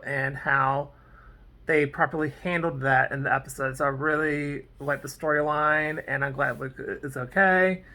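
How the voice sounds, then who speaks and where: Bright-voiced rambling episode reviewer. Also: mid-range voice. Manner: rambling, goes off on tangents; fillers like "like" and "um". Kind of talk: casual episode recap.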